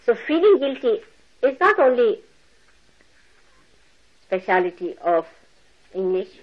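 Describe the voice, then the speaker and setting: An older woman giving a spiritual talk to followers, animated and laughing, mimicking people as she speaks. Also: on the high side, slow, phone-quality sound. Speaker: spiritual teacher. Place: lecture hall.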